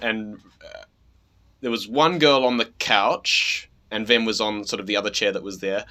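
Bright-voiced man telling a rambling story. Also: mid-range voice. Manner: halting, rambling storytelling with many restarts. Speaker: podcast co-host. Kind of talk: casual chat.

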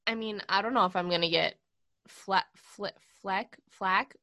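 A woman's voice: mid-range voice, measured pace, bright, forceful tone. A woman chatting casually as a podcast co-host, laughing often and reflecting on how an episode handles coping with stress. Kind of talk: casual chat discussing an episode.

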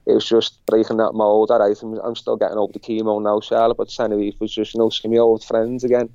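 A middle-aged man with a Liverpool accent tells a story in a casual interview. His voice is mellow and dark, and he rambles and repeats himself. The recording is dry and a little dull and lo-fi. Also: fairly low pitch, little pitch movement, fast talker, dry recording. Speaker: interview guest. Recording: dull lo-fi sound.

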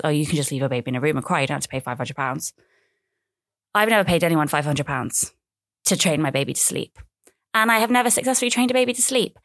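A woman's voice: sits low, dry recording, studio quality. A woman, talking casually and at length on her own podcast, rambling with self-mocking asides. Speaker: podcast host. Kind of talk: casual solo podcast chat.

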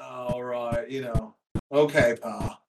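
A man's voice: medium pitch, fairly even intonation, slow, noisy background, pitched below the performer's own voice. A man voicing a flippant young male parakeet who mocks his estranged father. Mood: mocking. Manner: flippant, laughing, swearing.

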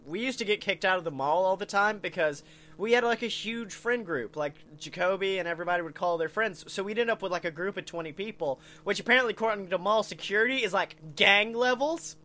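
A man, co-hosting a podcast and telling funny stories in an animated, swearing, laughing way. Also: high-pitched, fairly quick. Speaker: podcast co-host. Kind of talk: casual comedic storytelling.

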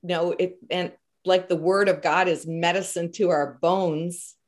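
A woman's voice: fairly low pitch, steady tone, a little slow. A woman hosting a faith-based interview, affirming her guest with frequent murmured agreement and scripture references. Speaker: host.

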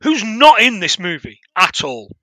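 A man's voice: high voice, big pitch swings, unhurried, bright, forceful tone, dry recording. A man chatting casually as a podcast co-host, rambling with frequent laughs and restarts. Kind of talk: casual film review chat.

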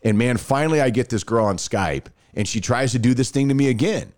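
A man telling a long story in casual chat, animated and full of restarts. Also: medium pitch, brisk.

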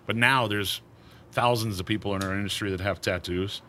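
A man with a low but bright, forceful voice tells relaxed stories as an interview guest. He slips into the voices of the people he quotes. A faint hum of ambient noise sits behind him. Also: brisk. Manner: animated storyteller acting out quoted voices. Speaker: cigar brand founder, guest. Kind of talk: casual storytelling interview.

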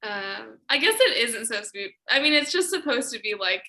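A woman guest in a relaxed podcast conversation. Her voice is slightly higher than average, with a bright, sharp edge. She rambles loosely, filling pauses with little laughs and filler words. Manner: chatty and giggly, with many filler words. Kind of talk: casual chat.

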